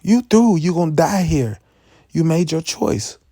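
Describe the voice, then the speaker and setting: A man giving a profane, impassioned street-preaching rant, full of stammered restarts and sudden rises to near-shouting. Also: a little high, a little slow, breathy edge, no echo.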